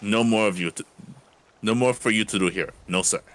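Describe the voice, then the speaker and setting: A man's voice: on the low side, a little fast, a bit bright, lightly acted. A man reading game dialogue aloud as a brusque male dock overseer, in his own plain voice.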